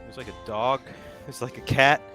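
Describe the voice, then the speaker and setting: A man's voice: mid-range voice, fairly even intonation, moderate pace, music in the background. A man in his forties co-hosting a casual live stream, playful and groaning through jokes. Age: 40s. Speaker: co-host.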